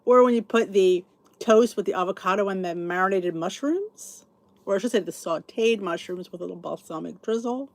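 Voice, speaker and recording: A woman's voice: mid-range voice, a little fast, dry recording. A middle-aged woman hosting a podcast, chatting in a rambling, sleepy way as she thinks aloud and answers comments. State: sleepy, yawning. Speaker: podcast host. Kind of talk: casual chat reading live comments.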